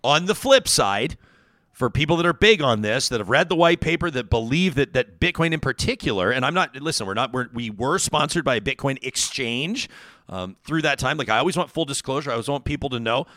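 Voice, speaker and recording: A man hosting a podcast, telling stories in a casual, animated, digressive way. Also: medium pitch, fairly quick, no echo, clean studio sound. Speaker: podcast host. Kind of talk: casual chat.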